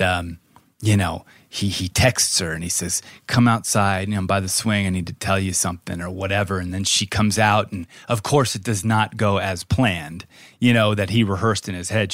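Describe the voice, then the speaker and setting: A man in his forties co-hosting a podcast, telling a story in animated casual chat and laughing often. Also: deep voice, no room sound, studio quality. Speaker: podcast co-host.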